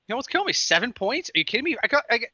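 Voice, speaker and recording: High bright guy on a football podcast, gets worked up easy, dry dull sound. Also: very fast, dry recording. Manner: animated, excitable storyteller. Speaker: podcast co-host. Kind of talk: casual sports chat.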